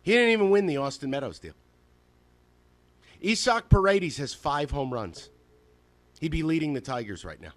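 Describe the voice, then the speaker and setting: A sports radio host in full rant, sarcastic and emphatic. His pitch leaps around in lively swings, and he sits slightly high for a man. The studio mic is close and dry. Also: moderate pace, long pauses, dry recording. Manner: animated, sarcastic, emphatic ranting. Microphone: studio microphone.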